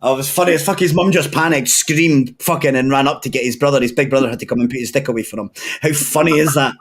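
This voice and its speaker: A man's voice: mid-range voice, fast talker. A young Scottish man telling crude stories in a casual chat, swearing freely and laughing often. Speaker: podcast regular.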